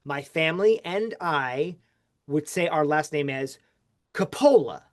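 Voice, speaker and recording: A man hosting a podcast who tells a long personal story in a casual, animated way, with his pitch swinging widely. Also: unhurried. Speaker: podcast host. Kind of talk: casual interview chat.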